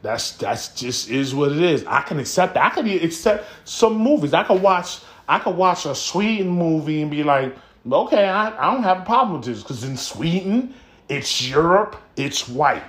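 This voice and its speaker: A man's voice: on the high side, very animated, normal speed, a bit bright. An American man hosting a podcast, talking in a blunt, profane, emphatic solo rant and repeating himself. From United States. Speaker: podcast host.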